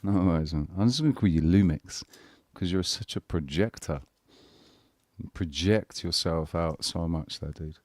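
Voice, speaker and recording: A man's voice: low-pitched, normal speed, darkish tone, no echo, clean studio sound. A man hosting a casual live panel chat, rambling, crude and joking. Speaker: live show host.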